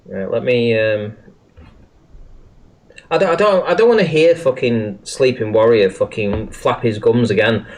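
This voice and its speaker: A man's voice: medium pitch, measured pace. A man hosting a livestream in casual talk, exasperated and swearing a lot, restarting his sentences often while working at his computer. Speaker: livestream host.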